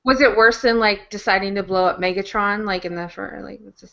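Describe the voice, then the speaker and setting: A woman's voice: medium pitch, steady tone, fairly quick. A woman chatting casually on an online book club call through earbuds, trailing off and restarting her thoughts. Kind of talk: casual video hangout chat. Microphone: earbuds on a video call. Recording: dull lo-fi video call audio.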